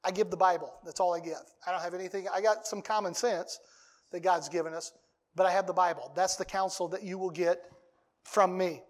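A man with a notably high voice preaching in a relaxed, talky way. He is middle-aged and speaks as a pastor. His delivery swells into loud, excited bursts. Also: fairly quick. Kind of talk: sermon.

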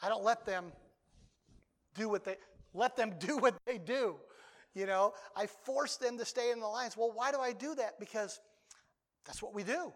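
An older man preaching a sermon as a pastor, talking conversationally and breaking into sudden loud outbursts. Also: sits high, moderate pace, pauses often, in a large hall.

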